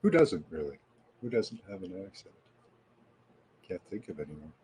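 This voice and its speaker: A man with a Canadian accent, hosting a live stream in a relaxed, rambling way and chatting casually with viewers. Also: deep voice, normal speed, slight background noise, low-quality recording. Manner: relaxed and rambling, with frequent fillers. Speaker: livestream host.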